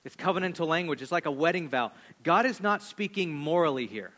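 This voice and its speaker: A male pastor in his thirties delivering a sermon with a high-pitched voice. He is animated, rising loud for emphasis and dropping to hushed, low asides. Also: fairly quick.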